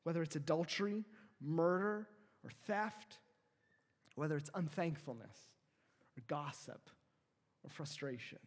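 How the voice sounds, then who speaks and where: A man preaching a sermon as pastor, earnest, swelling louder and slowing down on his key phrases. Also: fairly high pitch, in a large hall.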